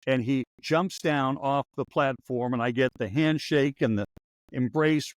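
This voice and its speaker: In his sixties, this podcast host and ex-radio newsman has a mid-range voice and speaks at a normal pace. He chats casually, telling stories in a rambling, anecdotal, wry way, recorded with no echo.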